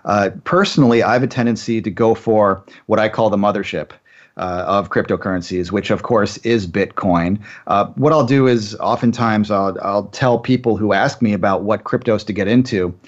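A man's voice: lowish voice, moderate pace, lo-fi sound. A man as a guest analyst on a finance radio show, talking in a chatty way with many uh fillers and giving confident opinions.

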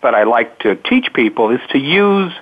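A man who coaches public speaking, answering interview questions in a measured, unhurried way with frequent pauses. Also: mid-range voice, big pitch swings, breathy edge. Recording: narrow phone-line sound.

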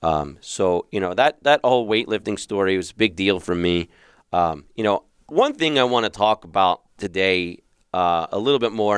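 Host, male, lowish smooth voice, lively storyteller, dry close mic. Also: dry recording. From Philadelphia. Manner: animated, with many restarts, acts out past thoughts in a raised voice. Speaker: podcast host and relationship coach. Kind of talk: personal storytelling monologue.

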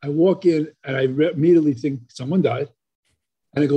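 An older man with a husky, mellow voice and a slightly high pitch. He spins an animated story as a podcast guest, stumbling through plenty of fillers and restarts. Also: brisk.

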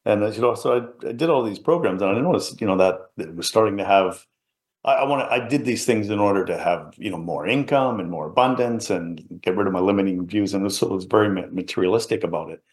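A middle-aged man from around Liverpool, an interview guest telling a personal story in an earnest, halting way that often trails off quietly. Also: fairly low pitch. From England, around Liverpool.

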